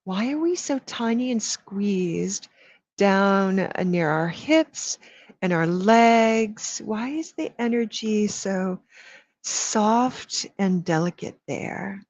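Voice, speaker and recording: A woman's voice: medium pitch, takes it slowly, darkish tone, no room sound. A woman energy healer giving a live energy reading, speaking affectionately to each person and drawing out her words. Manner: affectionate, calls people sweetheart and baby. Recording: dull lo-fi audio.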